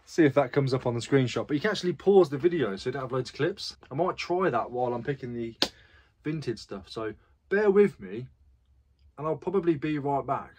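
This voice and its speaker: A man's voice: mid-range voice, animated, fairly quick, a little mellow, a little hiss or hum. A chatty man talking straight to his viewers in a casual vlog, poking fun at himself as he goes. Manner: chatty, self-deprecating, talks to viewers directly. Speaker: reseller vlogger.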